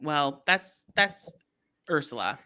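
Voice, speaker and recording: A woman's voice: low-pitched, very animated, slow pace, bright, forceful tone, a little hiss or hum. A woman co-hosting a podcast, recapping a movie in a chatty, sarcastic way with lots of "like.". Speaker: podcast co-host.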